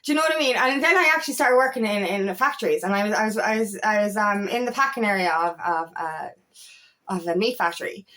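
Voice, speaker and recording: A woman's voice: medium pitch, lively intonation, quick pace, sharp tone. A woman coach giving a motivational talk to camera, emphatic and blunt, swearing freely and repeating her points. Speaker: feminine empowerment coach.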